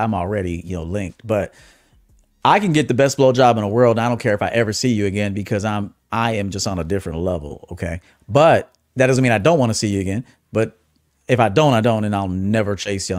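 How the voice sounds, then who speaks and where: Blunt man, dry close sound. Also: dry recording. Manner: blunt, swings from low asides to loud emphatic bursts. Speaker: dating coach and livestream host. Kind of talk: casual livestream monologue.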